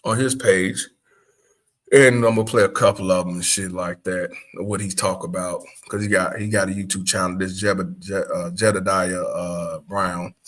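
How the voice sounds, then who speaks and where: A man's voice: low-pitched, fairly even intonation, moderate pace, fairly bright tone. A man hosting a casual reaction show, profane and laughing often as he comments. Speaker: host.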